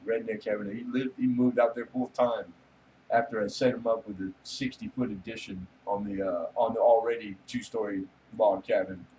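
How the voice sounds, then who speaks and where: A man's voice: on the low side, fairly even intonation, moderate pace, mellow, distant mic, a little hiss or hum, poor audio. A man hosting a casual late-night livestream, rambling, joking and swearing casually with his viewers. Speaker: livestream host chatting with viewers.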